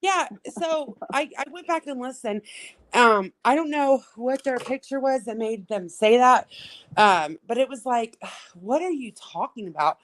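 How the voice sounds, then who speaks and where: A woman streamer talking in a casual chat, her voice a touch high. She vents bluntly and swears a lot. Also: unhurried, rough recording. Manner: blunt, profane venting.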